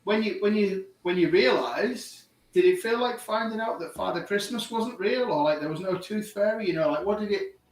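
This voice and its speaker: A man on a casual online panel, ranting with animated energy and laughing at his own story, heard over a video call. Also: sits high, moderate pace, recorded from a distance. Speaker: panel guest. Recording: roomy echo, from the mic.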